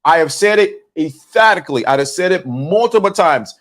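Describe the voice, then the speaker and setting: A man with a high-pitched voice talks straight to his channel viewers in a preachy, live commentary. He circles back on his words, stumbles and repeats phrases as he drives a point home, speaking into a phone. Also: expressive, brisk, few pauses, a bit bright. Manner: preachy, repetitive, restarts and stumbles often. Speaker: channel host. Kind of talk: livestream commentary.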